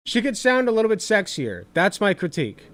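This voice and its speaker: Lively high-voiced man ranting. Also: a little fast. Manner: blunt and profane, repeats himself for emphasis. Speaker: streamer reacting to clips. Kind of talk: casual reaction commentary.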